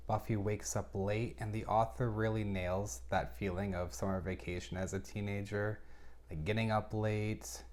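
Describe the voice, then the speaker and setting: A man casually recapping a novel, dropping wry personal asides between plot points. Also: deep voice. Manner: chatty, wry asides with laughs. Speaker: book review host.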